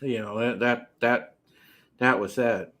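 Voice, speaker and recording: A man co-hosting a podcast in casual chat, relaxed and full of fillers and repeated words. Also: medium pitch, slow. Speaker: podcast co-host.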